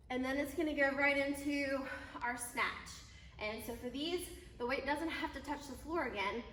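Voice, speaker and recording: Female fitness coach, clear step-by-step cues while moving, echoey room. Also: high voice, fairly bright tone, slight background noise. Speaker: fitness trainer. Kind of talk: workout demonstration instructions. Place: gym. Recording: echoey gym, mic at a distance.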